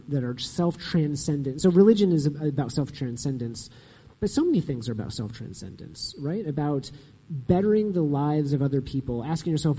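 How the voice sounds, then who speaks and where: Husky, mellow man explaining earnestly. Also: on the high side. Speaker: guest author. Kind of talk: casual conversational interview. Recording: dull sound with long reverb.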